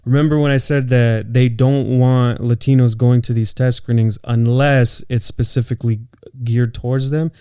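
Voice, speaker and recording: Man, podcast co-host, warm resonant voice, dry close mic, casual swearing. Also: medium pitch, fairly even intonation, normal speed, hardly any pauses, clean tone, no echo. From California. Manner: loose, profane storytelling with many "like" fillers. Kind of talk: casual chat.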